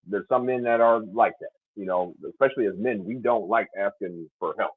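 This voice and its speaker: A man joining a panel talk, speaking haltingly with many fillers. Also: fairly low pitch, narrow, tinny audio, a little hiss or hum. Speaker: panel guest.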